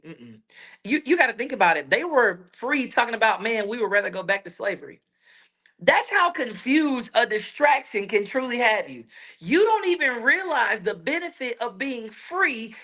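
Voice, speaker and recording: Animated, high-voiced male preacher. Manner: energetic, rhetorical questions and repetition; colloquial, laughs between points. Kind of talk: sermon.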